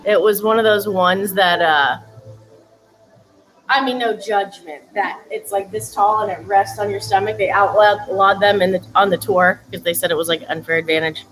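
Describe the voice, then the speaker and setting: A woman's voice: medium pitch, steady tone, normal speed, fairly bright tone, faint music behind, low-quality recording. A woman fitness coach giving chatty, upbeat instructions during a live-streamed workout, laughing now and then between cues.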